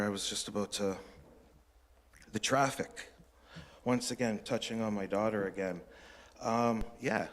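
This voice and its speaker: A man addressing a town council during public comment, talking in a blunt, rambling, combative way. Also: fairly low pitch. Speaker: resident speaking to council. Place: council chamber. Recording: long reverb of a council chamber.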